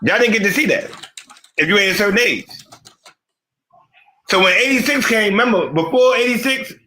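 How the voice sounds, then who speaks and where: A man's voice: sits high, lively intonation, normal speed, bright, forceful tone, reverberant, low-quality recording. A middle-aged man from New York, arguing insistently in a heated debate and rambling through restarted sentences.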